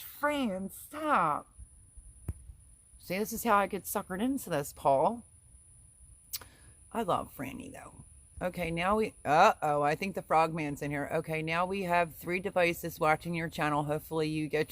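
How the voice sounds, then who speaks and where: A woman's voice: on the low side, normal speed, no echo. A middle-aged woman hosting a casual livestream, chatty and giggly, reading viewer names aloud. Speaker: livestream host reading chat. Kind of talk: casual live chat.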